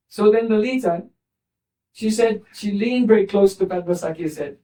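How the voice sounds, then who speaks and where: A man with a high, mellow voice retells and explains a sacred story in a gentle storytelling way. He sounds set back from the microphone. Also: fairly even intonation, moderate pace, pauses often. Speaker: spiritual teacher. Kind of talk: scripture storytelling lesson. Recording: voice distant from the mic.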